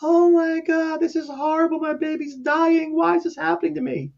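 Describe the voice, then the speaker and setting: A man voicing a frantic, self-pitying mother in a wailing, high, distraught voice. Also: fairly even intonation, normal speed, gravelly, darkish tone, lo-fi sound.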